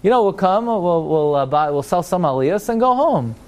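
Breezy, scoffing worshipper played by a male teacher, mocking and incredulous, higher-pitched. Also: expressive, moderate pace. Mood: breezy mockery. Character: nonchalant man shrugging off worry in synagogue.

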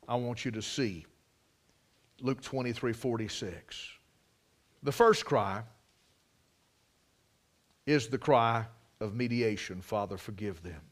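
Man preaching with dramatic swings. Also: medium pitch. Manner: dramatic preaching, swinging from soft asides to loud declarations. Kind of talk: sermon.

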